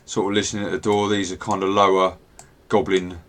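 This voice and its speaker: Low-voiced game master. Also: male voice, fairly quick. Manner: relaxed and rambling, with many fillers. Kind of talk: narrating a tabletop game.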